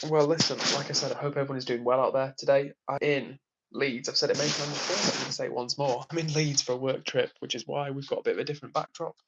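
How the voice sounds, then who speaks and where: A fast-talking livestream host with a medium pitch and steady tone chats casually from his work-trip hotel room, laughing often as he reads out comments from viewers. There's noise in the background.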